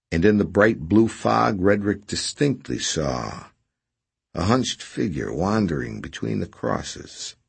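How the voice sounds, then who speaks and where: A male audiobook narrator with a very low, gravelly and husky voice. He reads the story with a lively, expressive rise and fall, in scripted narration.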